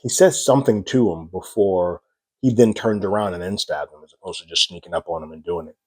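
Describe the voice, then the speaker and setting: A man recapping a TV episode in a loose, chatty way, quickly acting out the characters' lines as he goes. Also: low voice, a little mellow, husky, no room sound. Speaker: TV recap reviewer. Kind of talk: casual recap monologue.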